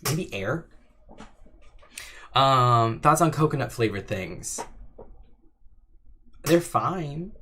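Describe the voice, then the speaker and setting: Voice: mid-range voice, animated, extremely slow, long pauses, fairly bright tone, a little hiss or hum. A young adult livestream host in casual Q&A chat, reading questions and answering in a playful, jokey, teasing way with frequent laughs.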